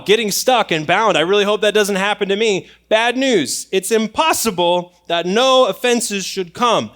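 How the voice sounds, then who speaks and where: A young man preaching a sermon in church, animated and acting out quotes. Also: sits high. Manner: animated, acts out voices and quotes. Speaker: pastor.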